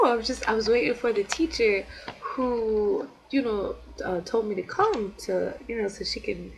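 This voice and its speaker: A woman in her twenties at home, telling a story to camera in a chatty, excitable way full of "like" and "you know". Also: fairly high pitch, normal speed, creaky, rough recording. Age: 20s. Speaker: vlogger.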